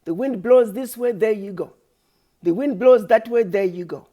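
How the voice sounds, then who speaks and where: A woman's voice: mid-range voice, normal speed, warm tone. A woman giving an impassioned, preachy address straight to her audience, firing rhetorical questions and repeated refrains. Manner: preachy, accusatory, rhetorical, repetitive. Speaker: activist speaker. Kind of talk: impassioned direct-to-camera address.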